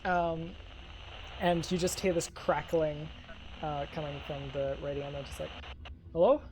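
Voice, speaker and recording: A woman's voice: sits low, fairly even intonation, moderate pace, noisy background. A woman narrating as game master in a casual tabletop game, hesitant with many ums and restarts.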